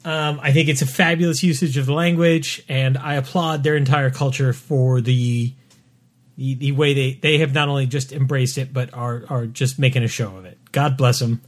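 A man's voice: mid-range voice, steady tone, moderate pace. A man co-hosting a gaming podcast, chatting casually with wry, dry humor. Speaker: podcast co-host. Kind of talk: casual chat.

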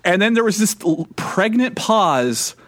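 A man's voice: sits high, big pitch swings, measured pace, no room sound. A man co-hosting a podcast, telling a story in casual chat, rambling and correcting himself as he goes, often laughing. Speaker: podcast co-host.

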